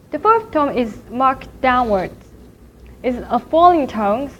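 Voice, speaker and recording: A woman teaching a language class in a recorded lecture, speaking slowly and carefully and repeating each syllable to demonstrate it. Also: a little high. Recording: dull lo-fi recording with faint noise.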